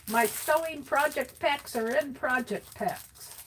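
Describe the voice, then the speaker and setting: Slow-talking woman chatting while she crafts. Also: sits high, a bit bright, a little hiss or hum. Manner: chatty, talking to herself while tidying and sewing. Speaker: craft streamer. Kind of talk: casual craft livestream chat.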